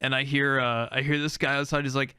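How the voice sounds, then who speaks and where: A man hosting a podcast in casual chat, excitable and rambling, with casual swearing. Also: mid-range voice, brisk, smooth, dry recording. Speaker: podcast host.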